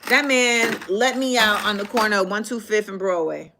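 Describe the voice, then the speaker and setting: A woman hosting a live stream, chatting casually and telling a story in a sassy, animated way, acting out the dialogue. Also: mid-range voice, normal speed, a little hiss or hum. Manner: animated, sassy, acts out quoted exchanges. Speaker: livestream host.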